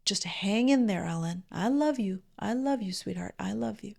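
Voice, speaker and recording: Gentle older grandmother, hushed and half-whispered, with a gravelly edge to the low tones, as a woman puts her on. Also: lively intonation, moderate pace. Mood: soothing. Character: gentle loving older grandmother soothing a child.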